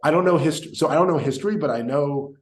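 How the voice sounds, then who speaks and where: A man in his thirties, a mathematician, giving quick decisive answers in an interview and sometimes thinking aloud with pauses. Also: on the high side. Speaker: guest, mathematician. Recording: roomy, echoey sound.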